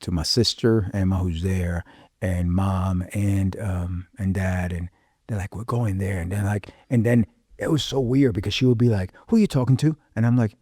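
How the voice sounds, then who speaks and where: Pastor guest, low voice, dry studio sound; animated testimony storyteller who acts out quoted lines. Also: male voice, moderate pace, breathy edge, no room sound. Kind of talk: personal testimony in casual interview.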